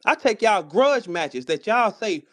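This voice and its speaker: A man's voice: high-pitched, sing-song, unhurried, fairly bright tone. A man, boasting and trash-talking in a profane, swaggering way during a live audio-room argument. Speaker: battle rapper hosting a live audio chat. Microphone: phone or computer mic on a live audio room.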